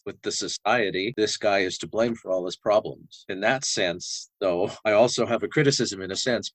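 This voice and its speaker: A man guesting on a podcast over a video call, giving measured, agreeable commentary on a film. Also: on the low side, no echo, low-quality recording. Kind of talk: casual film discussion.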